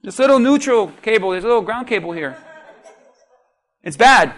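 A man's voice: high voice, lively intonation, moderate pace, a bit bright. A preacher voicing his casual, matter-of-fact male neighbor, a mechanic, who talks in an offhand, stammering way.

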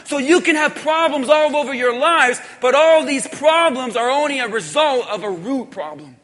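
Pastor, male, very high bright voice, emphatic repetitive preaching, big hall reverb. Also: animated, normal speed. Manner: emphatic preaching, repetitive phrasing, drops to quiet intensity. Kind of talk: sermon.

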